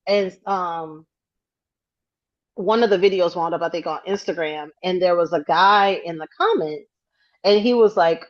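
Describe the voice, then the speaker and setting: A woman co-hosting a casual podcast chat, telling a story with lively acted-out quotes and frequent hedging. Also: lowish voice, measured pace, dull audio. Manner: animated storyteller acting out quotes, hedges often. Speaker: podcast co-host.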